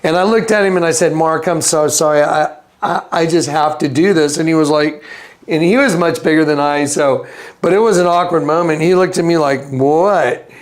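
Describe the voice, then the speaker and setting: A man whose voice sits on the high side spins a casual story at a moderate pace while being interviewed as a guest. He meanders through asides and frequent restarts, acting out others' lines in a raised voice.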